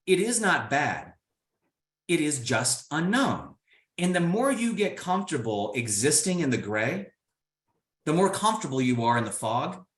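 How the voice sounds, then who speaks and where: Animated man giving a motivational keynote. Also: a little high, echoey room. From Indiana, United States. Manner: animated, playful, addresses the audience directly. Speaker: keynote speaker.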